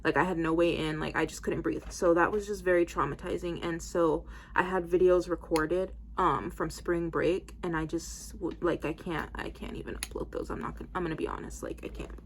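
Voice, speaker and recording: Twenties woman, lowish voice, casual rambling vlogger, filler-heavy, styling her hair as she talks. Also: fairly even intonation, brisk, few pauses, a little hiss or hum. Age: 20s. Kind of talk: casual storytelling to camera.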